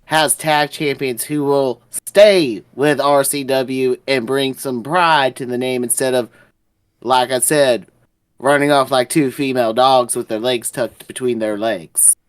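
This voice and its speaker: A man's voice: mid-range voice, steady tone, unhurried, clear, resonant tone, voice pushed down, natural voice. A man playing a flamboyant, cocky young wrestler who boasts and insults rivals in a tabletop game. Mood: smug.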